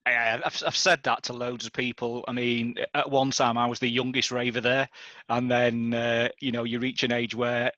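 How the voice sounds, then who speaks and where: Middle-aged dj guy, bright forceful voice, reminiscing, dry dull lo-fi recording. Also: mid-range voice, level tone, moderate pace, dry recording. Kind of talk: casual chat.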